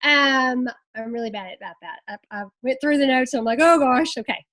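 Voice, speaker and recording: A woman's voice: high voice, fairly quick, pushed and bright. A woman giving emotional, chatty, scattered motivational tips as a network marketing ambassador on a group call.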